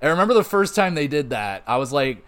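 A man's voice: fairly high pitch, very animated, quick pace, a bit bright, smooth. A man hosting a podcast, chatting casually and enthusiastically about an old video game, swearing freely and rambling. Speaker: podcast host. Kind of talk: casual gaming podcast chat.

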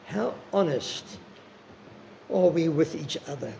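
Older male preacher, earnest and personal, gravelly, slightly high; faint room noise. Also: expressive, darkish tone. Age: 60s. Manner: earnest, personal, slows for emphasis. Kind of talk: sermon.

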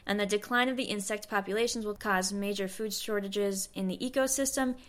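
A woman's voice: medium pitch, steady tone, brisk. A young adult woman co-hosting a science podcast, explaining research in a loose, chatty way full of "like" and "you know". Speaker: podcast co-host and monarch researcher. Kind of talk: casual science podcast chat.

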